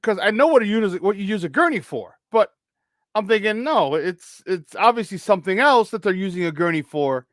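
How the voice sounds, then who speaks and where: A man with a high voice tells a story on a morning sports show, acting out each person he meets. He restarts sentences often and swears without a second thought. The sound is dry and close, with no room around him. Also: fairly quick, no room sound. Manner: animated, acts out the people in his story; swears casually, many restarts. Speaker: sports talk show co-host.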